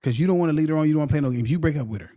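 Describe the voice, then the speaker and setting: Warm-voiced man hosting a podcast. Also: a little high. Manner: repetitive, blunt, mocks others with quick voices. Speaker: podcast host. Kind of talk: casual commentary.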